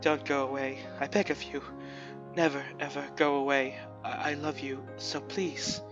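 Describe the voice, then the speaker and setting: A man softly putting on a tearful gentle young woman. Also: medium pitch, flat delivery, lo-fi sound, music in the background, lightly acted. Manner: soft, quiet and halting.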